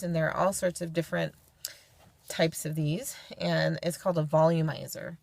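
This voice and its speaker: A young Californian vlogger gives a casual at-home tutorial on covering the head, chatty and homey with playful asides. Her voice is lowish, gravelly, and a little mellow, in a dry recording.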